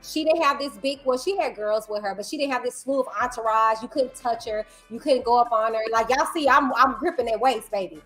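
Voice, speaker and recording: Woman co-host, lively storyteller, high voice, casual chat with soft music. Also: brisk, few pauses. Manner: animated storyteller, hypes with "okay" and "come on". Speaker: podcast co-host.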